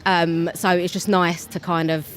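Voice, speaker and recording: A woman's voice: fairly low pitch, flat delivery, unhurried, a little hiss or hum. A tired young woman with a Cockney accent, chatting as a guest in an interview in a giggly, scatterbrained way. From England. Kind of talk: casual interview.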